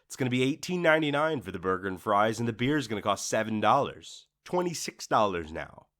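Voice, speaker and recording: A man's voice: fairly low pitch, brisk. A man hosting a solo podcast, ranting casually and acting out what customers think to themselves. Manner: ranting, animated, acts out customers' inner voices. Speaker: podcast host. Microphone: studio microphone.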